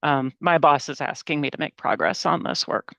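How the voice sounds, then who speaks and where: A woman's voice: low-pitched, steady tone, moderate pace, vocal fry, sharp tone, no echo. A woman on agency staff speaking earnestly in a virtual board meeting, hedging and repeating words as she explains.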